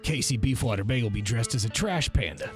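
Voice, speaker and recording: A young man hosting a morning radio show, joking around and reading promos in a brisk way. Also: mid-range voice, music in the background. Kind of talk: casual radio banter.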